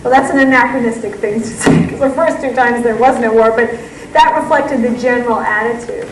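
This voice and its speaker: A woman's voice: on the high side, brisk, recorded from a distance, a little hiss or hum. A woman author giving a lecture and answering questions, telling stories with enthusiasm. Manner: enthusiastic, animated storytelling. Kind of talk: public talk and Q and A. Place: lecture room. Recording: echoey hall, voice from afar.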